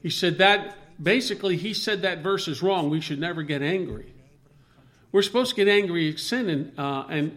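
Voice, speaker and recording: A man leading an informal Bible discussion, rambling and halting with many restarts as he quotes scripture. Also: high voice, fairly bright tone.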